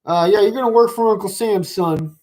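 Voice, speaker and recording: A man's voice: sits high, brisk, a little mellow, natural voice. A man putting on a folksy, pushy male military recruiter who drawls and calls the listener son. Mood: coaxing.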